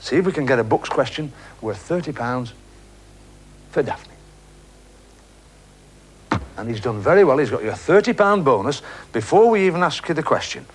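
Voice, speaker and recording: A man's voice: a little high, expressive, moderate pace, pauses often, breathy edge. Teasing man hosting a quiz show. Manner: joking, teasing, laughs often. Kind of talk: game show banter. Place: TV studio with audience. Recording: 1980s TV broadcast, audience noise. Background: studio audience.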